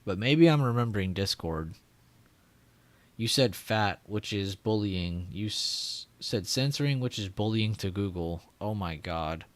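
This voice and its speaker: Unhurried yet animated, a young man with a lowish voice hosts a live trading stream in a dry recording. He chats casually, reads comments out loud, and laughs often.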